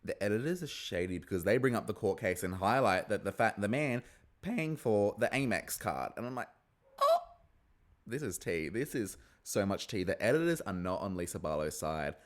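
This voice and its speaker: A man recaps a reality TV episode in casual, gossipy commentary, his pitch leaping up and down as he reacts. He curses freely and slips into high, mocking impressions of the cast members. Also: fairly quick. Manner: gossipy, animated, swears, mimics the cast in a high voice.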